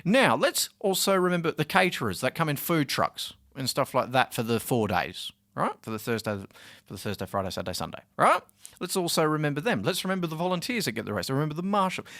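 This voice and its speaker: A man's voice: fairly high pitch, big pitch swings, fast talker, fairly bright tone. A young Australian man co-hosting a student radio chat show, talking with passion and indignation and laughing often.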